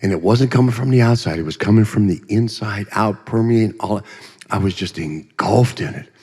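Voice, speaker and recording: A man speaks from the front of a church sanctuary, his fairly low voice trailing into a long hall reverb. He tells his testimony in a folksy, storytelling way, full of humorous asides and vivid pictures. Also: moderate pace, a little mellow, slightly rough. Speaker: guest speaker giving a testimony.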